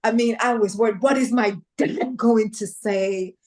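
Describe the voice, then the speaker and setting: A woman with a fairly high voice shares her personal testimony in conversation at a measured pace. She tells it animatedly, acting out the voices of the people involved and laughing along the way.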